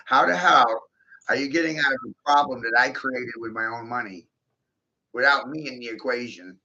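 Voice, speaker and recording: A man with a gravelly, sharply forceful voice rants in a loose, profane monologue, laughing in between. The sound is dull and lo-fi. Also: mid-range voice. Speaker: video host. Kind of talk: rambling monologue.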